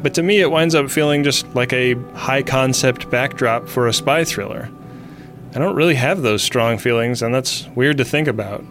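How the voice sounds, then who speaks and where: A man's voice: mid-range voice, moderate pace, music in the background. Wry male podcast host. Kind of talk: casual podcast chat.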